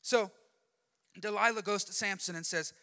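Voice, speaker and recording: A man preaching a sermon, retelling a story in a lively, conversational, jokey way. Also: high voice, moderate pace. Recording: long hall reverb.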